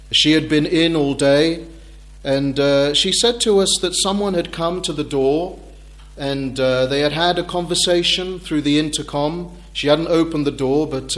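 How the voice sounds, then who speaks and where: A middle-aged man preaching a sermon in a measured, thoughtful way, with frequent hesitations. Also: fairly high pitch.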